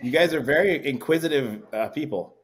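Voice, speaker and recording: Lively teasing man on a podcast. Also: a little high, fairly quick. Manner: playful, teasing, swears. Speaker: podcast co-host. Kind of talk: casual chat.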